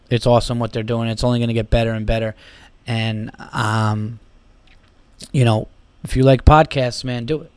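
A man's voice: medium pitch, a little mellow, clear, resonant tone, no room sound. A man in his thirties hosting his own comedy podcast, tired and a little sick, rambling and swearing with giddy energy. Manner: rambling, profane, giddy riffing. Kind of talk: casual solo podcast monologue.

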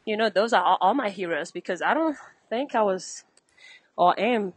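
A young woman from Benin, a tennis coach, chatting lively in an interview, a little out of breath and laughing often. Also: mid-range voice, moderate pace, husky, dry recording, low-quality recording. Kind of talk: casual interview chat.

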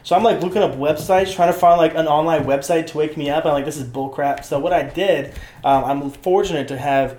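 Young man, podcast co-host, animated storyteller, slightly high voice, swears a lot, roomy echoey sound. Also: a little fast. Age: young adult. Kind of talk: casual chat.

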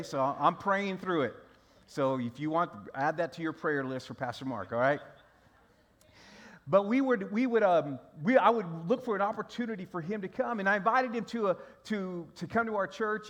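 A man's voice: a little high, a bit bright. A middle-aged man, preaching a sermon in a loose storytelling way, often restarting his sentences. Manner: conversational storytelling with repeated restarts. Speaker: pastor.

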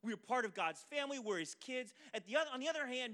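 A man's voice: very high voice, fast talker. A male pastor preaching a sermon, telling a vivid story and acting out the voices of the people in it before turning to scripture. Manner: animated storytelling, acts out quoted voices.

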